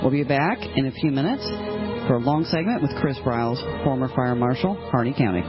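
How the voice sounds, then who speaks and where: A man hosting a radio talk show, who breaks for commercials and introduces the guest in a brisk, friendly way. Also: medium pitch. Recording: dull, muffled audio with music underneath.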